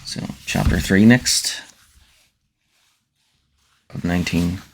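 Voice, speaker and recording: Deep-voiced guy reading a book on stream, super slow, keeps saying um and restarting. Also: gravelly. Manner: hesitant, many fillers and restarts. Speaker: livestreamer reading a novel aloud. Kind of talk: audiobook-style reading and casual chat.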